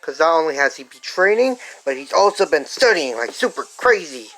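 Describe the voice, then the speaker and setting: A fan storyteller improvising a story out loud, halting with many fillers and restarts. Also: medium pitch, big pitch swings, rough recording. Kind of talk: improvised fan-fiction narration.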